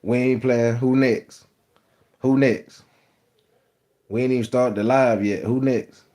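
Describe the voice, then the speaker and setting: A man's voice: mid-range voice, fairly even intonation, takes it slowly, warm tone. A man hosting a loose, easygoing live stream, talking straight to his chat in a mid-range voice. He repeats himself freely, keeps calling the viewers "gang" and teases them as comments come in. The voice comes through a phone set up in front of him. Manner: playful teasing of commenters. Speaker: livestream host.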